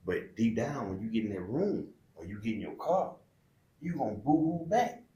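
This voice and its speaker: A middle-aged man with a lowish voice speaks candidly and with feeling, his talk colloquial and open as a podcast guest. The room gives his voice a noticeable echo. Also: animated, normal speed, dark tone. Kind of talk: heartfelt personal storytelling. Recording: roomy echo.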